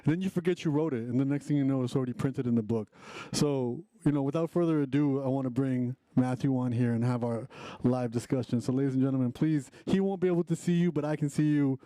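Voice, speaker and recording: Male host of a live online talk. Very dark, mellow tone, dry close sound, upbeat and chatty. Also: medium pitch, quick pace, dry recording. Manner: upbeat, chatty, with frequent restarts. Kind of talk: casual live hosting.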